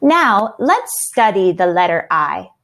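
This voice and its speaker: A woman teaching a children's phonics lesson, speaking clearly and repeating each sound several times. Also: medium pitch, very animated, slow, fairly bright tone.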